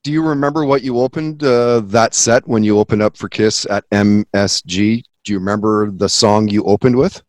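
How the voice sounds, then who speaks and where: A man's voice: fairly low pitch, moderate pace, hardly any pauses, dry recording. Man hosting a casual interview. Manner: short eager reactions and questions. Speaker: podcast host.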